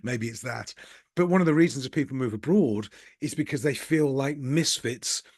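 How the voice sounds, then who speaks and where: A man's voice: mid-range voice, normal speed, a little mellow, no room sound, clean studio sound. A middle-aged man with a Birmingham accent, talking candidly and a bit ramblingly in a casual reflective monologue, with a self-deprecating streak. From Birmingham, England. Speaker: business coach and channel host.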